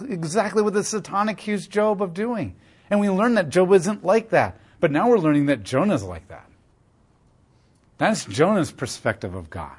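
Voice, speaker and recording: A man delivers sermon-style Bible teaching in a voice that sits a little high. He moves between reading scripture aloud and offering casual, emphatic commentary. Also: husky.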